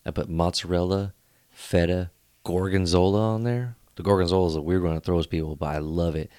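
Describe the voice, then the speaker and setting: A man's voice: sits low, fairly even intonation, brisk, a little mellow, no room sound. A man in his late twenties co-hosting a podcast, teasing his friends in casual chat. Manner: teasing, joking, breaks into put-on voices. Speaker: podcast co-host.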